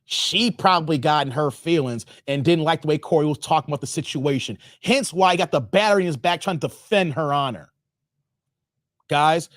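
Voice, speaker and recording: A man's voice: high voice, dry recording, studio quality. A man hosting a live stream, casually reacting to a clip and reading out viewer donations with a playful, joking manner. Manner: playful, laughs often, talks to chat.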